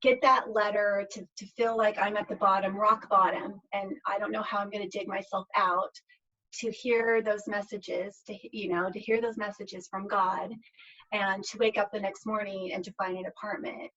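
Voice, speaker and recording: A woman's voice: mid-range voice, little pitch movement, moderate pace, sharp tone. A middle-aged woman, a podcast guest, telling a personal story in an earnest, reflective way and often restarting her phrases. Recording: slightly dull lo-fi audio.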